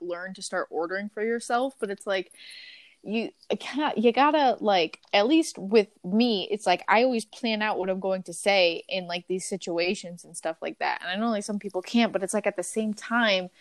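Young woman, casual podcast host, animated and sweary, dry close mic. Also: medium pitch, no room sound. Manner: animated storytelling with frequent fillers. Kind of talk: casual chat.

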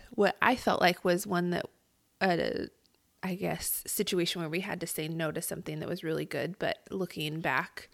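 A woman co-hosting a podcast, talking in a relaxed, reflective way with a husky morning voice. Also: fairly low pitch, no echo. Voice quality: gravelly vocal fry. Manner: reflective, halting with fillers. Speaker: podcast co-host. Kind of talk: casual podcast chat.

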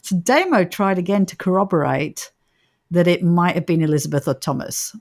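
Speaking at a moderate pace with a fairly low pitch and a darkish tone, this Australian podcast co-host chats casually through a paranormal tale, laughing frequently along the way.

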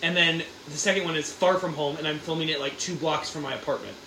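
A young man co-hosting a casual podcast, talking in an animated way with frequent laughs and quick restarts. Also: on the high side, creaky. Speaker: podcast co-host. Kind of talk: casual chat. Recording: roomy echo, faint background hum.

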